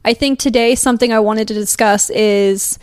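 A young woman talking casually on a home podcast. Her voice sits a little high and the recording is dry and close, with no room sound. She rambles in an upbeat, chatty way. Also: fairly even intonation, moderate pace, clean tone, no room sound. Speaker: podcast co-host, professional dancer. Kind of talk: casual chat.

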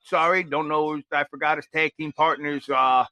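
A man hosts a casual live watch-along, talking in a rambling, excitable way full of fillers. His voice sits high and sounds bright and forceful. The sound is dry, with no room echo. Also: normal speed, dull audio. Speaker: podcast host.

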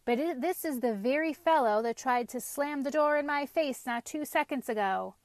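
Woman playing young storybook boy, polite, earnest, higher voice, dry. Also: normal speed, no echo.

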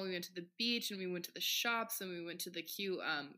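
A woman's voice: medium pitch, animated, brisk, hardly any pauses, sharp tone. A young woman co-hosting a podcast, telling travel stories in a playful, self-mocking casual chat. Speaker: podcast co-host.

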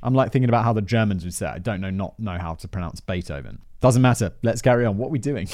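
Fast-talking with lively intonation, a man in his thirties reads a podcast script in a fairly low, darkish voice. He keeps rambling off into tangents and chatty asides, laughing often.

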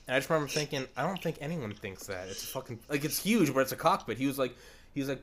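A man's voice: medium pitch, expressive, fast talker, fairly bright tone, slight background noise. A man hosting a podcast in casual chat. He rambles and swears with enthusiasm. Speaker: podcast host.

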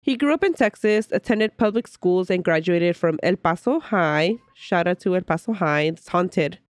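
A woman with a lowish voice co-hosting a casual history podcast, sounding a bit sick. She reads from notes in a chatty way and breaks off to laugh. The close mic is dry, with no room sound. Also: animated, normal speed, no room sound. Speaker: podcast co-host.

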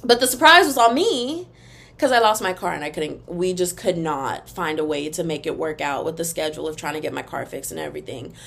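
A woman's voice: low-pitched, brisk, creaky. A young woman hosting a podcast, ranting casually and animatedly to her listeners. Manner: animated and expressive, sings snippets, talks to listeners as "girl" and "y'all". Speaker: podcast host.

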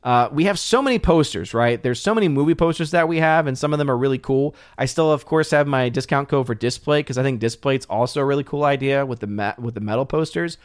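A man's voice: medium pitch, quick pace, hardly any pauses, clear, resonant tone, no room sound, studio quality. A man hosting his channel, chatting casually and reading viewer comments on a live stream, loose and full of fillers and restarts. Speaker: channel host.

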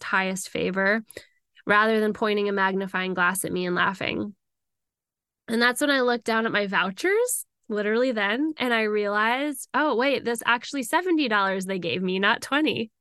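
Smooth-voiced woman telling a personal story. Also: mid-range voice, no echo, clean studio sound. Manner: animated, emotional, acts out her own quoted thoughts.

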